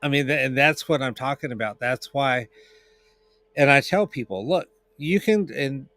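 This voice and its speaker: A man's voice: medium pitch, moderate pace, sharp tone. A man explaining paranormal audio apps on a live stream, rambling with many restarts and fillers. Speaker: paranormal investigator. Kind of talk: casual live-stream chat.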